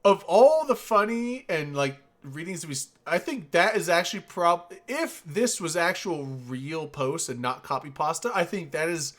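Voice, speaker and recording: Lively, laughing man chatting. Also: fairly high pitch, measured pace, few pauses. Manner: laughing, animated, swears. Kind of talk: casual group chat.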